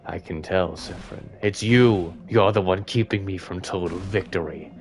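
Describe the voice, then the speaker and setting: A man playing a slow, menacing villain king. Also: deep voice, voice pushed down. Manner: slow, hushed, threatening.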